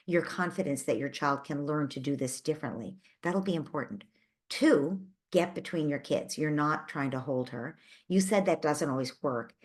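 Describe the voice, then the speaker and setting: A woman with a slightly low voice answers a parent's question on a live parenting Q&A. She speaks in an empathetic, reassuring coaching tone. She thinks aloud and restarts phrases now and then. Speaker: parenting advice host.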